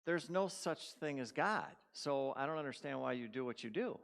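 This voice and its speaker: A man's voice: medium pitch, lively intonation, normal speed, creaky, fairly bright tone. A man voicing a skeptical male barber inside a joke he tells from the pulpit. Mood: puzzled.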